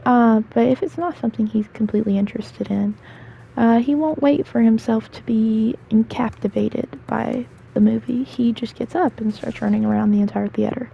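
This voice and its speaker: Chatty young woman with a gravelly voice. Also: on the high side, highs cut off. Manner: chatty, rambling with fillers and asides. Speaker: gaming storyteller. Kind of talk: casual storytelling while gaming.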